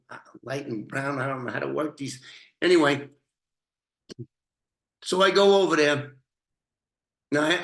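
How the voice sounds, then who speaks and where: A man tells a story from his own life in a slow, unhurried way. His voice sits a bit high, and he is blunt and swears freely, with restarts and throat-clearing. The room around him is roomy and echoey. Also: fairly bright tone. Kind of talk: casual storytelling.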